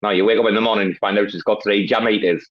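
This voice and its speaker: A man from Northeast England with a Northeast English accent, telling loud, sweary stories in a casual chat. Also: on the low side, steady tone, quick pace, highs cut off.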